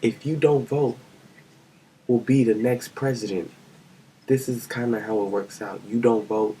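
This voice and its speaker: A man's voice: mid-range voice, fairly even intonation, measured pace, long pauses, warm tone, slight background noise, low-quality recording. A young man from Kansas delivering a rambling, scolding political rant in a home vlog. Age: young adult. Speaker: vlogger.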